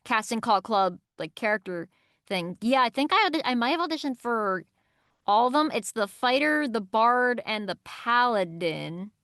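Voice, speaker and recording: A young adult woman, a voice actress, chatting in an interview, lively and quick to laugh. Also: a little high, no echo, studio quality. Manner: lively, laughing, reads aloud from notes. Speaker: voice actress guest. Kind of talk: casual interview chat.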